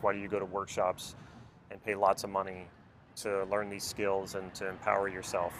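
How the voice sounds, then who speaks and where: A man with a low-set voice speaks earnestly and reflectively, putting question after question to the viewer as a personal development coach. Traffic hums clearly behind him, since he is recording outdoors near a road. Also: a bit bright. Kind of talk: reflective talk to camera.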